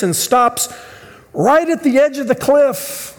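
American male pastor, sermon, fairly high voice, lively storyteller, reverberant hall. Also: moderate pace. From United States. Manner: storytelling, animated with shouted punchlines.

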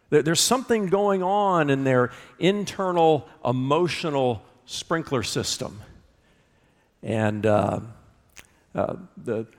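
A male pastor delivers a sermon with dramatic swings, building to loud, climbing questions and then dropping to quiet, low-voiced moments. His voice sits mid-range, and he reads scripture in a steady storytelling tone, with a long reverb trailing each phrase. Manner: emphatic preaching with wide swings between loud rising questions and hushed low passages.

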